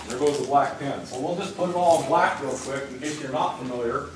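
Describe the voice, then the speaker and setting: A man's voice: medium pitch, fairly quick. A congested man giving an informal briefing at a public meeting, talking conversationally with many uh's and restarts. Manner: conversational, frequent uh and um, restarts itself. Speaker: rail operations executive giving a briefing. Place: large meeting room. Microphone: distant room mic. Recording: echoey meeting room from far off with noise.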